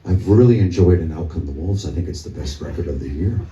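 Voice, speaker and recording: A man doing an impression of a solemn, deep-voiced rock star, speaking very slowly and deliberately. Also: expressive, highs cut off, heavy background noise. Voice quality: very deep, slow, deliberate drawl. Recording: echoey club, mic at a distance.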